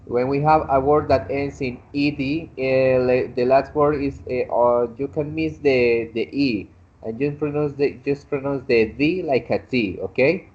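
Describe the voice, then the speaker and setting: A man's voice: mid-range voice, unhurried, highs cut off. A man teaching an online English class, patiently correcting pronunciation with frequent hesitations.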